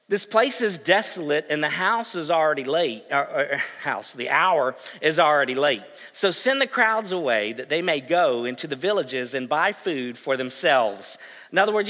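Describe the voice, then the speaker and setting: A man preaching a sermon with a bright, ringing voice and a lively, wide-ranging delivery. He drops to near-whispered asides, then surges into loud, emphatic bursts. His words carry a long reverb from a large hall. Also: high-pitched. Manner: swings from hushed to loud and emphatic. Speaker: pastor.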